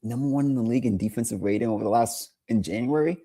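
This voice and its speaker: A man co-hosting a sports podcast, excitable in casual chat, often restarting his sentences. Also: medium pitch, fast talker. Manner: excitable, lots of restarts and laughter. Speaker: podcast co-host.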